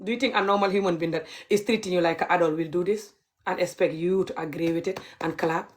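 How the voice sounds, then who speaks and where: A young Gambian woman vlogger rants on a livestream, heated and mocking, letting out bitter laughs. Her voice is on the low side, her intonation fairly even, and she talks quickly.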